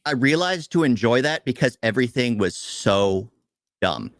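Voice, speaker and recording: A man on a casual movie-review podcast, ranting in an animated, exasperated way. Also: medium pitch, no room sound, studio quality. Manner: animated, exasperated, rapid complaining. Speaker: podcast co-host.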